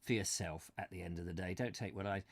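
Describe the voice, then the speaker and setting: A man hosting a comic chat show, rambling and ranting excitably while reading out viewer comments. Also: sits low, quick pace, no room sound.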